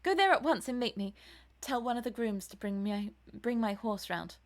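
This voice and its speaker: A woman voicing a young English gentleman, languid at times, elsewhere alarmed and exclaiming. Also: fairly high pitch, expressive, a little fast.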